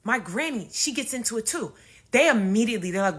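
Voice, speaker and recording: A young woman telling a comedic story in a casual, animated and profane way, speaking straight to her audience. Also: fairly high pitch, fairly quick, slightly rough.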